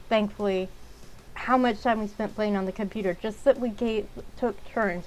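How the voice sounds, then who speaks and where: A woman's voice: medium pitch, low-quality recording. A woman playing a game, reading its text and rambling in casual, exasperated commentary. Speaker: game streamer. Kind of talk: casual let's-play commentary.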